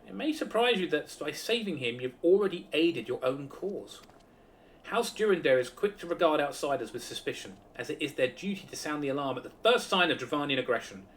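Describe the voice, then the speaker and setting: A man voicing a measured, persuasive male adviser to a noble house in a fantasy game. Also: fairly high pitch, a bit bright.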